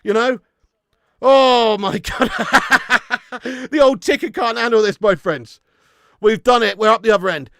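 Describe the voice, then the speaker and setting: This man hosts a live football watch-along, swinging between shouting at the screen and reading out viewer messages. His voice sits very high and has a bright, cutting edge. It is recorded close and dry, with no room around it. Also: unhurried, creaky, pauses often, no room sound. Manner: excitable, sweary, shouts at the screen; reads out and answers viewer chat. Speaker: watch-along streamer host.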